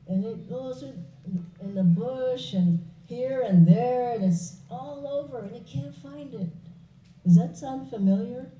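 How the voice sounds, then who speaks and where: A woman giving a public spiritual talk, an animated storyteller who laughs along with her own story. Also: fairly high pitch, unhurried. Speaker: spiritual speaker. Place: hall. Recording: echoey hall, distant, dull.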